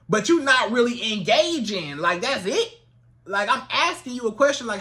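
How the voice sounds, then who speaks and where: A man giving casual dating advice to the camera, animated and colloquial, repeating his phrases. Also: very high-pitched, normal speed. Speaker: dating coach.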